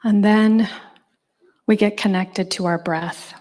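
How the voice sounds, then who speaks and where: A woman leading a church congregation in guided meditation, giving gentle, unhurried instructions with long pauses. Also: mid-range voice, steady tone. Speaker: meditation leader. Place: church service.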